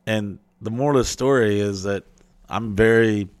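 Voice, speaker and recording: A man's voice: fairly low pitch, moderate pace, dry recording. A man hosting a podcast, telling rambling, profane stories in casual chat and acting out the people in them. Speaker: podcast host.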